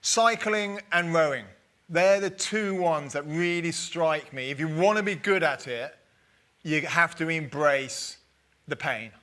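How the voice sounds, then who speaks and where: A man's voice: on the high side, a little slow, sharp tone. A man hosting a podcast interview, chatty and self-deprecating in a casual conversation. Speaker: podcast host.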